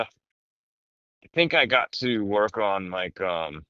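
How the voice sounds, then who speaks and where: A man in casual podcast chat, telling rambling, animated stories and swearing often. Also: low-pitched, takes it slowly, pauses often, clean tone, no echo, lo-fi sound.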